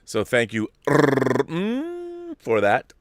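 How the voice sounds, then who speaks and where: Male host, mid-pitched, wry and chatty, dry close mic. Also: lively intonation, normal speed, fairly bright tone, dry recording. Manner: reads viewer messages, wry and talkative. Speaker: show host. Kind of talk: casual chat.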